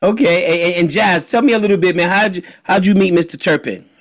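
A man with a New York accent hosting a podcast, playful and quick to laugh. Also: high voice. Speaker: host.

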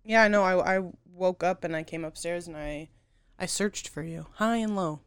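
A woman's voice: on the low side, moderate pace, clean tone, no echo, studio quality. A woman co-hosting a casual podcast chat, playful and sarcastic. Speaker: podcast co-host.

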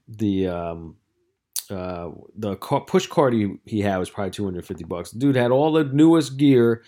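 A man's voice: lowish voice, dark tone. A young man hosting a casual solo podcast as a coach, telling stories in a rambling, profane way with lots of filler words.

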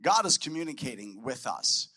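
A man's voice: mid-range voice, very animated, moderate pace, bright, forceful tone. A man preaching a conference sermon, emphatic and repeating his key phrases for the crowd. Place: conference hall.

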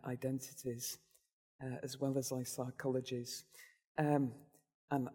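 A man's voice: mid-range voice, darkish tone, breathy edge. A man hosting a book podcast who talks in an enthusiastic, rambling way. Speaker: podcast host. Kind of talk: casual book discussion. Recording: echoey reverb.

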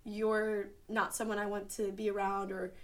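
A woman's voice: mid-range voice, level tone, moderate pace. A young woman chatting casually about her own life, laughing often and animatedly quoting people. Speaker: podcast guest telling her story. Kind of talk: casual conversation. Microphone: podcast microphone.

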